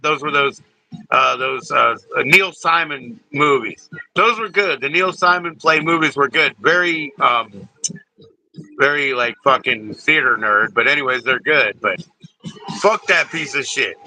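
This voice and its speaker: Man ranting, very bright tense voice. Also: on the high side, rough recording. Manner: profane, rambling, heated. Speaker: livestream host. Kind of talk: casual livestream rant.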